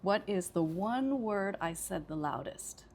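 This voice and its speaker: A woman's voice: mid-range voice, lively intonation, a little slow, a little mellow, a little hiss or hum. An American woman teaching English pronunciation, explaining sentence stress step by step and repeating example sentences with careful emphasis.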